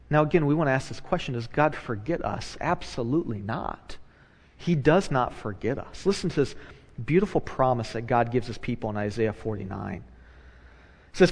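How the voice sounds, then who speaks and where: A man, a pastor, preaching a sermon in a conversational way, moving between hushed and loud animated passages and repeating phrases for emphasis. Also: medium pitch, a little fast, in a large hall.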